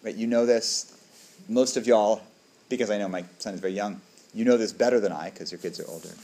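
A man's voice: on the low side, fairly quick, mellow. Man giving a reflective dharma talk. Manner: reflective, conversational, often asks "right?". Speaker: dharma teacher.

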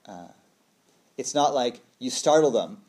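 A man talking as a trauma therapist in a relaxed, conversational way, often checking in with the listener and playfully acting out little quoted voices. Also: medium pitch, unhurried. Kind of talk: casual explanatory talk.

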